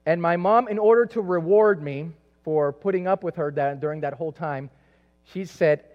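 Male preacher, high voice, chatty storytelling sermon, long hall echo, dull lo-fi recording. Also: moderate pace. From South America. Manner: conversational and animated, many asides and fillers. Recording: echoey hall, dull lo-fi sound.

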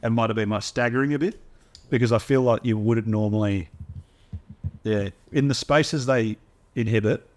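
A man's voice: on the low side, moderate pace, pauses often, a little mellow. A man co-hosting a casual podcast, rambling and hesitant with many restarts. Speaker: podcast co-host. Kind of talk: casual banter.

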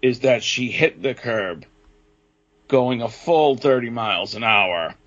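A man's voice: mid-range voice, slow. A man telling a story on a casual podcast, swearing a lot. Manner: animated, heavy swearing. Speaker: podcast co-host. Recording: dull lo-fi podcast audio.

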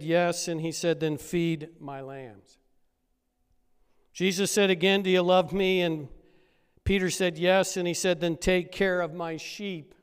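A pastor preaching a sermon, retelling a story and building up to loud, emphatic peaks. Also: male voice, on the high side, smooth, long reverb tail.

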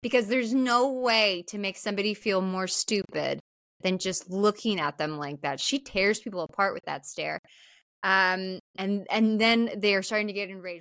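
A lively woman co-hosting a podcast, telling a movie plot in a chatty, animated way and slipping into quoted voices. Her voice sits at a medium pitch and is recorded close and dry. There is no room sound around it. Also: normal speed, no room sound. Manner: animated storyteller, acts out quotes. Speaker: podcast co-host. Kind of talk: casual film recap chat.

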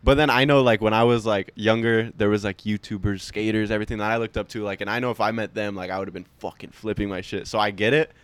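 A man's voice: on the low side, steady tone, quick pace, few pauses, clean tone, no room sound. A young man telling stories in casual chat, rambling with lots of fillers and swearing.

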